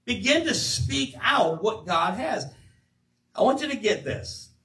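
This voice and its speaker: Older man, pastor, emphatic sermon, high voice; roomy church sound, mic at a distance. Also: a little slow. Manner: animated, emphatic preaching with quoted asides. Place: church sanctuary.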